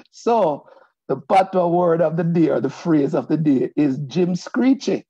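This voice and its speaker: Male host, mellow husky voice, upbeat shout-outs to viewers, dull lo-fi stream audio. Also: on the high side, no room sound. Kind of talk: live-streamed community show hosting.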